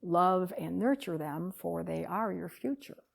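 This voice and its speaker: A woman giving a talk, telling a story with animated swings between loud bursts and hushed lines. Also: lowish voice, a little slow, gravelly. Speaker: speaker.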